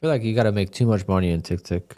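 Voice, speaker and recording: A man's voice: on the low side, very fast, warm tone. Laid-back man chatting on a trading stream. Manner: laid-back, chatty, reads chat questions aloud. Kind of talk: casual live-stream chat.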